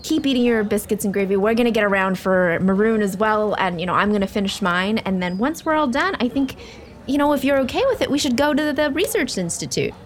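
A woman's voice: mid-range voice, animated, fairly quick, slight background noise. A woman playing a character in a tabletop game, chatty and giggly with many fillers. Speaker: player.

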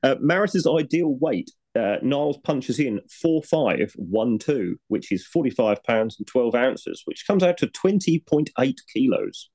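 A man's voice: mid-range voice, very animated, unhurried, few pauses, dark tone. A man co-hosting a podcast, chatting casually with lots of ums and frequent laughter. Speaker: podcast co-host. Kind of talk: casual chat.

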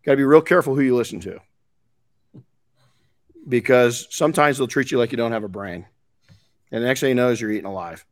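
A man's voice: mid-range voice, fast, long pauses, no echo, studio quality. A man hosting a podcast in casual chat, frank and rambling, swearing casually. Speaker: podcast host.

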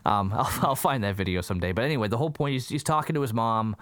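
A man co-hosting a casual chat, recapping a film and acting out its quotes. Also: fast. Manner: animated storyteller, acts out quotes with jumpy pitch.

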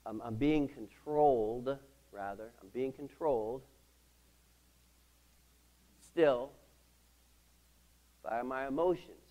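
A pastor telling a self-deprecating story in his sermon, animated and asking the congregation questions. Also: medium pitch, slow, pauses often, rough recording. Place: church service.

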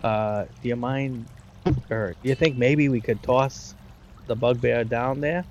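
A man's voice: medium pitch, steady tone, a little slow, a little mellow, natural voice. A man putting on an odd-accented adventurer. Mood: hesitant. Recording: dull lo-fi recording with faint hiss.

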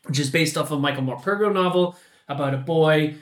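A man's voice: on the high side, fairly quick. A Canadian man in his thirties, a podcast guest chatting casually and laughing often as he tells a story. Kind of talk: casual chat.

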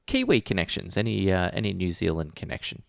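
A young man with an Australian accent talks casually on a podcast, wandering through his stories with lots of "um"s and "you know"s. His voice sits very low, and the recording is close and dry. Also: wildly swooping pitch, brisk, vocal fry, no echo. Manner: rambling storyteller, frequent fillers. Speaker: podcast co-host. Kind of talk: casual chat.

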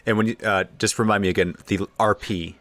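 A man's voice: on the low side, steady tone, a little fast, a bit bright, no room sound. A man hosting an interview show, reading out viewer comments and answering with brief, easygoing affirmations. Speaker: podcast host.

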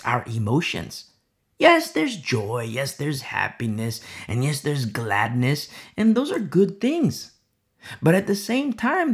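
A man preaching a sermon, emphatic and repetitive, swinging from loud to hushed. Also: a little high, gravelly.

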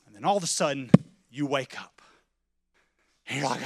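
A man preaching a sermon, telling a dramatic story in the second person, dropping to a hush and rising to loud shouts. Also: expressive, moderate pace, gravelly, long pauses, breathy edge, dry recording, studio quality. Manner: vivid, swings from loud crowd shouts to hushed low narration. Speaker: pastor.

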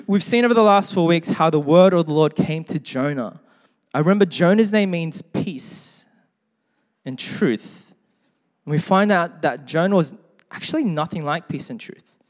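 Male pastor, slightly high voice, casual preaching with jokes, scripture readings, echoing church hall. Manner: conversational, joking asides; reads scripture aloud. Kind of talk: sermon. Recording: long hall reverb.

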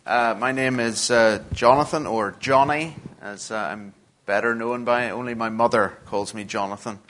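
A middle-aged man from Northern Ireland with a Northern Irish accent, giving a church lecture in a measured way with dry, self-deprecating humor. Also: mid-range voice, steady tone, fairly bright tone, a little hiss or hum. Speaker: guest lecturer.

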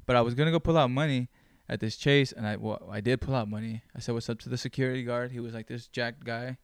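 A man hosting his own podcast, telling stories in a blunt, animated way with plenty of swearing. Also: medium pitch, fast, smooth, dry recording. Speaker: podcast host. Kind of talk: casual chat.

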